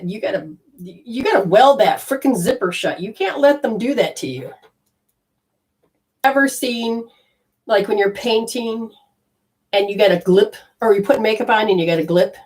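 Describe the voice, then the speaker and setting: Speaking slowly with long pauses, a medium-pitched woman channels spirits live as a medium. Her talk rambles with animation, jumping from loud bursts to hushed asides, and the recording is rough.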